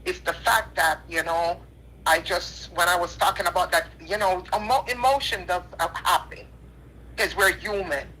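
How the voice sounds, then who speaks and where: A tearful woman phones in to apologize, her voice on the low side with a sharp edge and a little hiss or hum on the line. She speaks at a moderate pace, earnest and repetitive, almost like a preacher.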